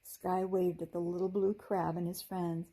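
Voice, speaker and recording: A woman teacher reading a children's chapter book aloud in a gentle, expressive storytelling manner. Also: fairly low pitch, normal speed, slightly rough, rough recording.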